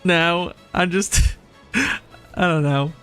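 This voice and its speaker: A man's voice: high voice, extremely slow, pushed and bright, smooth, soft background music. A young man from England, giving casual live commentary on a game, reading chat aloud and laughing often. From Nottinghamshire, England. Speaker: streamer.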